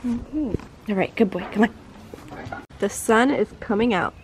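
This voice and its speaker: A young woman vlogging at a horse campsite in a groggy morning voice, speaking softly and cooing to her horses, recorded on a handheld phone. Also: mid-range voice, slow, noisy background. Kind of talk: casual vlog narration. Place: outdoors at a rainy horse campsite.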